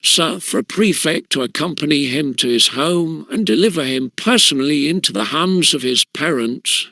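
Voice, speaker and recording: Guy as a crusty formal schoolmaster, polite, bright gravelly voice. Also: fairly high pitch, normal speed, dry recording. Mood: deferential. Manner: formal, deferential. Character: crusty middle-aged male schoolmaster.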